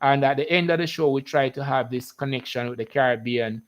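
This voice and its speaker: A middle-aged Jamaican man with a Jamaican accent, hosting a casual live biology lesson, greeting viewers by name and drawing out key terms slowly. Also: mid-range voice, poor audio.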